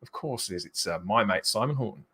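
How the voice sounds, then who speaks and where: A man's voice: lowish voice, lively intonation, fast talker, bright, forceful tone, breathy edge. A man hosting a live fan show, chatty and jokey, laughing often as he greets viewers. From England. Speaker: livestream host. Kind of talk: casual live show chat.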